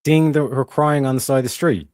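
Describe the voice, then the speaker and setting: Man, rapid-fire, stumbling restarts, swearing, dry close sound, heated debate. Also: mid-range voice, steady tone, darkish tone, no room sound. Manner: fast, repetitive restarts, swears.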